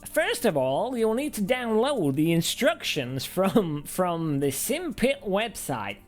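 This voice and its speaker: A man voicing a breezy American male sim-rig reviewer, with a put-on American accent and slow, upbeat presenter patter. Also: sits high, sing-song, faint music behind, voice pushed up, exaggerated voice. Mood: mock-cheery.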